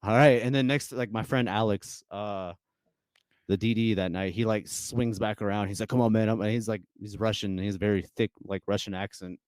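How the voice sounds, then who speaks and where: A young man with a low, smooth, resonant voice, recorded close and dry. He tells stories as a podcast guest in loose, casual talk, heavy on fillers and false starts and often laughing. The delivery is conversational and never polished. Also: fairly even intonation, a little fast, a little mellow, dry recording. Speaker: guest musician.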